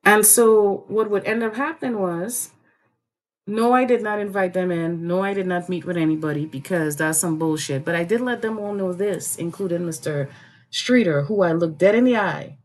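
A woman speaking on a podcast panel in a heated, blunt way, with profanity woven through everything she says. She tells stories with rhetorical questions, and her voice sits at an ordinary middle pitch. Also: lively intonation, moderate pace. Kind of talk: heated political commentary.

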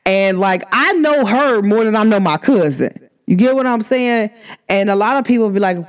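Chatty, animated woman host. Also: measured pace. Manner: chatty and emphatic, many "like" fillers; animated, voice swings high when excited. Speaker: podcast host. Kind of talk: casual monologue to listeners.

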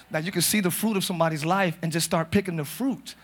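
A man preaching a live sermon as pastor, talking to the congregation in a loose, joking way and breaking into loud shouts. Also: on the high side, fairly quick, breathy edge. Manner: conversational, jokey, bursts into shouts. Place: church sanctuary.

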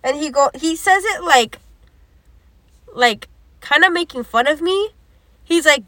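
A woman's voice: sits high, animated, unhurried, long pauses, fairly bright tone, no room sound. A young woman, telling a story in casual chat, acting out quoted lines and swearing often. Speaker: podcast co-host.

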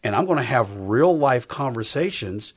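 With a medium-pitched, animated voice at normal speed, a man in his fifties guests on a faith talk show. His delivery is forceful and preacherly in rhythm, and he keeps repeating his main points.

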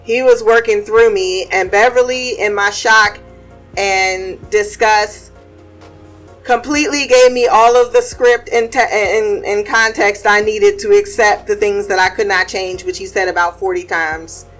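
A woman recapping a TV episode in a casual, animated way, often laughing and acting out the characters. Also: medium pitch, unhurried, faint music behind. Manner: animated, laughing, acts out quotes. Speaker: show recap host.

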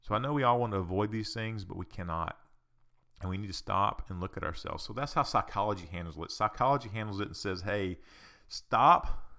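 A man's voice: fairly low pitch, quick pace, gravelly, pushed and bright. A man who is a counselor and podcast host, speaking in a casual, earnest, reflective monologue that mixes psychology and faith.

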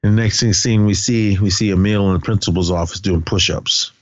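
A man's voice: lowish voice, steady tone, a little fast, no echo, highs cut off. A man co-hosting a podcast, recapping a film's plot casually, rambling and correcting himself with lots of fillers. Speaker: podcast co-host.

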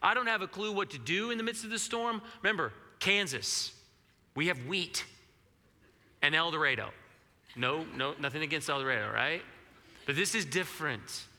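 Animated male preacher in a reverberant hall. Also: fairly high pitch, moderate pace. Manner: animated, conversational, acts out quoted questions. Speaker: pastor. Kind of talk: sermon.

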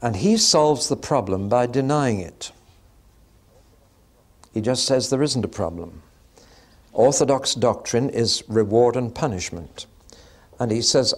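A man's voice: medium pitch, animated, unhurried, pauses often. Guy teaching a bible passage, chatty, dry little asides, asks the room questions. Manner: conversational, with wry asides and rhetorical questions.

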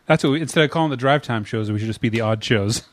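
A man's voice: medium pitch, fast. A man co-hosting a casual podcast chat, tossing in dry quips.

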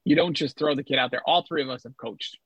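A man's voice: medium pitch, quick pace, fairly bright tone, a little hiss or hum. A man co-hosting a teaching podcast, reflecting aloud with many "like" fillers and posing questions to the others. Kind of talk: casual educational discussion. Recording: dull, dry lo-fi sound.

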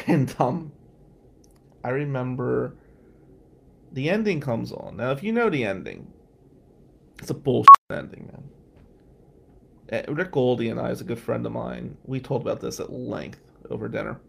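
A man's voice: mid-range voice, lively intonation, normal speed, creaky, pauses often, background noise. A middle-aged man, an attorney hosting a show, telling stories in a profane, ranting way and sounding exhausted. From Atlantic City, New Jersey. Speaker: attorney and podcast host. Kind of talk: casual monologue.

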